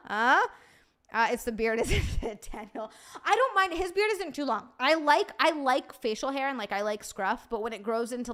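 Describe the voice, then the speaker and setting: Young woman streamer, casual chat with viewers, swears freely, bubbly, voice sits a bit high. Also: fairly bright tone. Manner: profane, bubbly banter. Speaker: live streamer.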